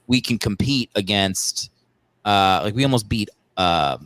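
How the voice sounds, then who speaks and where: A man's voice: on the low side, a little slow, a bit bright, no room sound. A man who is a comedian, a guest on a podcast, rambling sarcastically about football with lots of fillers. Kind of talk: casual podcast chat.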